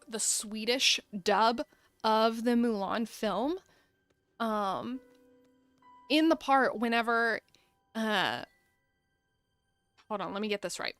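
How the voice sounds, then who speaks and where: A woman's voice: a little high, a bit bright, no echo. A young woman hosting a casual gameplay video, playful and giggly, reading game dialogue aloud. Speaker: gaming video host.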